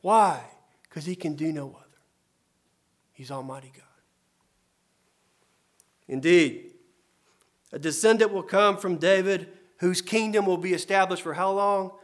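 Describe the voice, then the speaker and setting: High-voiced pastor preaching with swelling intensity. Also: male voice, measured pace, long pauses. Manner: swings between soft murmurs and loud emphatic cries; earnest, repeats phrases for emphasis. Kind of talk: sermon.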